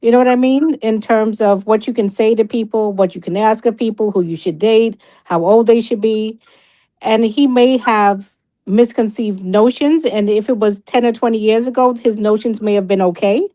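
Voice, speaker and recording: Fast-talking New York woman. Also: on the high side, fairly even intonation, warm tone, rough recording. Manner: fast-talking, restarts words mid-thought. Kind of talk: casual debate.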